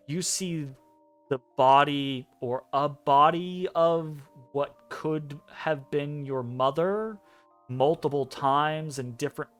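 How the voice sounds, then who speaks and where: A man narrating a dream scene as game master of a tabletop game, measured and hesitant, pausing between phrases. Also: a little high, clear, resonant tone. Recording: soft music behind.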